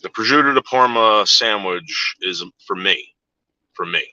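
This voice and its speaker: A man with a low, very bright and forceful voice tells a story in casual chat. He rambles and swears freely, often repeating words and restarting. The recording is dry and a little dull. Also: unhurried, no room sound.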